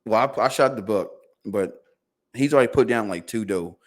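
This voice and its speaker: Guy on a podcast telling a story, super animated, does everybody's lines, slangy. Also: lowish voice, normal speed. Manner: animated, acts out quotes of family; loose casual speech with slang. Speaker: podcast guest. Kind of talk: casual storytelling.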